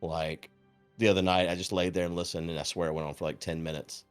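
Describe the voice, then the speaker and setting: A low-voiced man chats on his stream and tells a long story in a dry, deadpan way with plenty of swearing. He acts out the voices of the people in it. Soft music plays faintly behind him. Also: fast talker. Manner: profane, deadpan. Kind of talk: casual chat.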